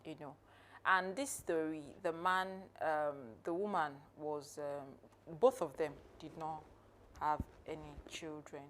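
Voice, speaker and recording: A woman co-hosting a podcast, telling a story in a measured, unhurried way. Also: deep voice, fairly even intonation, fairly bright tone. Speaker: podcast co-host. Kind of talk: conversational podcast talk, storytelling.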